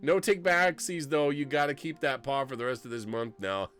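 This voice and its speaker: Excitable, emotional male streamer. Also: medium pitch, normal speed, clear, resonant tone. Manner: excitable, swinging to tearful and emotional. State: close to tears. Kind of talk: live-streamed gameplay commentary.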